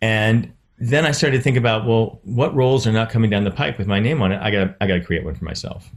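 Animated middle-aged man telling stories. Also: fairly low pitch, quick pace. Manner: animated, acts out quoted voices with laughs. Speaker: interview guest, actor and producer. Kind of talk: casual interview storytelling.

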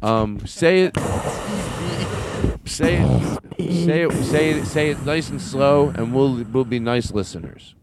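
A man's voice: medium pitch, lively intonation, takes it slowly, heavy background noise. A man hosting a comedy podcast, talking in a playful way and laughing often. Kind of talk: casual comedy chat.

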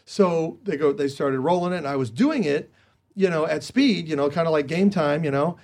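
A man as an interview guest, telling stories casually and with energy, jumping higher in pitch when he quotes others. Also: moderate pace. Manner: animated, jumps higher when quoting others; chatty with many restarts. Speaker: guest comedian.

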